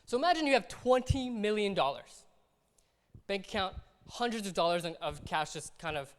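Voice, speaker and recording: A pastor gives a conversational sermon in a church hall, playing out little everyday moments as he goes. His voice sits high, moving at a normal speed, and the recording carries long hall reverb.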